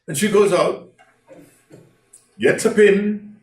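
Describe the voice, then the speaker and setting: A man's voice: high voice, slow, darkish tone. A man preaching a sermon to a congregation, telling the story dramatically and asking them rhetorical questions. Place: church hall. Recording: roomy hall, from a distance.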